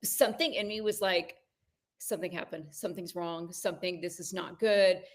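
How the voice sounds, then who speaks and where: A woman in her forties, co-hosting a podcast, telling a personal story in casual chat with animated ups and downs. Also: lowish voice, normal speed. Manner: animated storytelling, rising when excited. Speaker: podcast co-host.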